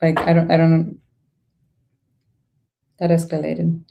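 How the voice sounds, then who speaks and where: A woman's voice: deep voice, completely flat delivery, takes it slowly, vocal fry, warm tone, a little hiss or hum. Blunt, exasperated woman reading tarot. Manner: blunt, exasperated, swears freely. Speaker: tarot reader. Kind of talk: casual tarot reading to camera.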